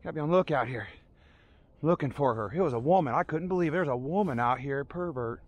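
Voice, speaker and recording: A man's voice: a little high, animated, fairly quick, no echo. A man telling a comic story outdoors on park trails, out of breath and rambling with mock outrage. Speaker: vlogger. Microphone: handheld camera.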